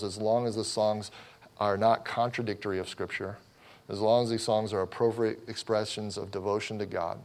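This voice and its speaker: A middle-aged man preaching a sermon as pastor, in a conversational way with frequent restarts and touches of sarcasm. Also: on the low side. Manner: conversational, self-correcting, lightly sarcastic.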